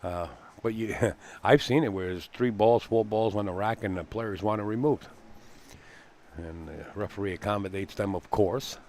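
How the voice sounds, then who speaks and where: A man with a low, deep voice calls a live pool match in a relaxed, folksy way. He rambles between shots and fills the gaps with uhs. A faint hum sits under his voice. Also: moderate pace. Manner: chatty, folksy, laughs easily, frequent fillers. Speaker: pool commentator. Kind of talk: live sports commentary. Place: pool hall commentary booth.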